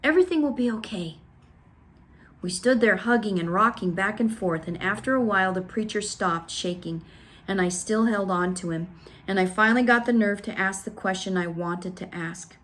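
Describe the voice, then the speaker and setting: A woman reading a children's novel aloud with steady, expressive first-person narration. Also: mid-range voice, normal speed. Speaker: storybook reader.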